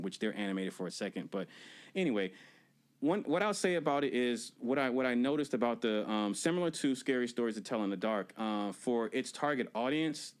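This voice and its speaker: In a relaxed movie review chat, a podcast co-host with a clear, resonant mid-range voice walks through a film scene. He's animated, performing the characters' quotes while laughing and cursing along the way.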